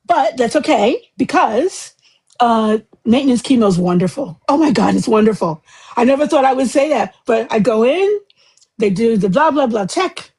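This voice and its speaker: Chatty woman hosting a live stream, kinda high and husky, rambly. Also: expressive, moderate pace, a little mellow. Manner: chatty, rambling, laughs often. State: eyes watering from chemo. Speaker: livestream host. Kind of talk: casual livestream chat.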